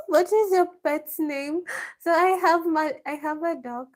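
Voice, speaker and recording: A woman's voice: high voice, unhurried. A woman answering viewer questions in a casual live stream from a village home, reading each question aloud and then answering, laughing often.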